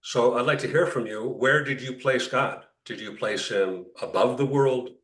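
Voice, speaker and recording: A man's voice: mid-range voice, normal speed, a bit bright. A man, a rabbi, leading an interactive class, telling jokes and often repeating words as he thinks. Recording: echoey room, mic far off.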